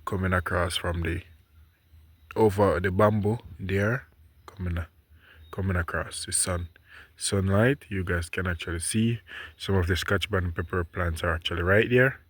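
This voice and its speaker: A man's voice: deep voice, steady tone, normal speed, husky, no room sound. A man, a bit stuffy, walking his farm outdoors and chatting to viewers as he points out seedlings and the land he plans to cut. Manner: talks to viewers as he walks and points things out. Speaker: farming vlogger. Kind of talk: casual farm vlog narration.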